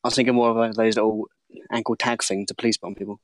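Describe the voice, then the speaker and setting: A man talks fast in casual podcast chat, his voice mid-pitched and easygoing. The sound is close and dry, with no room echo. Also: level tone. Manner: quick, chatty. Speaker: podcast co-host.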